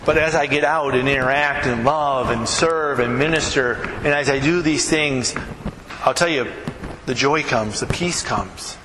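A man's voice: medium pitch, measured pace. A man preaching a sermon in a church, conversational and earnest, often checking in with the congregation. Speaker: pastor. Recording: echoey hall with background noise.

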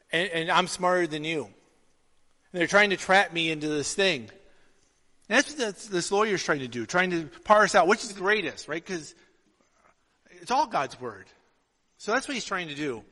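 Middle-aged male pastor, high bright voice, storytelling sermon, reverberant sanctuary. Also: moderate pace, pauses often. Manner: storytelling, animated with acted-out dialogue. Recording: long reverb of a hall.

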